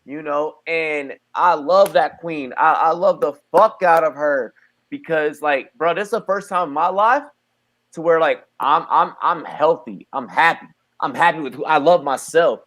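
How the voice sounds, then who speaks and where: A man's voice: fairly high pitch, normal speed, fairly bright tone. A man hosting a casual podcast, talking in a heated, emphatic way with heavy swearing. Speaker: podcast host. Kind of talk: casual profane podcast chat.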